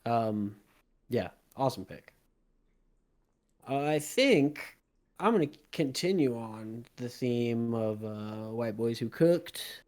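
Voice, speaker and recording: Man, young adult, podcast co-host, casual banter, excitable, laughs often. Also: mid-range voice, slow pace. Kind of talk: casual chat.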